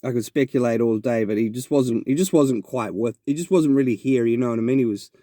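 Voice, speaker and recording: A fairly quick, mellow mid-range voice belongs to a New Zealand man hosting a podcast. He tells a reflective, wandering story as a casual monologue, frequently restarting, in clean studio sound with no room noise.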